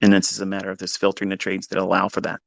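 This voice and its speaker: A man giving an unscripted motivational lecture as a trading mentor, blunt and profane, dropping to low mutters and then rising to loud, emphatic outbursts. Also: monotone, very fast, gravelly, no room sound.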